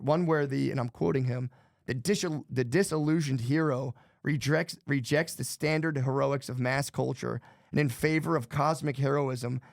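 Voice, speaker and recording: A man's voice: fairly high pitch, vocal fry, darkish tone, no echo, clean studio sound. A man co-hosting a podcast in casual chat, rambling and profane, jittery from too much coffee. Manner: rambling, profane, restarts often. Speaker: podcast co-host.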